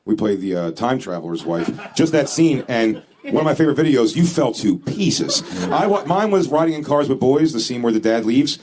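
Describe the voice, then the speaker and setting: A man co-hosting a comedy podcast in a radio studio, bantering and teasing quickly. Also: medium pitch, sing-song, a crowd in the background. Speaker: podcast co-host. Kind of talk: casual comedy podcast chat.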